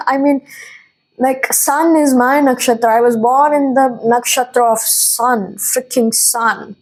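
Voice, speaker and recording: A woman's voice: fairly high pitch, darkish tone, low-quality recording. A young woman from India, a tarot reader, talking earnestly and emotionally to her viewers, rambling and correcting herself as she goes. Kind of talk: spiritual channel talk to viewers.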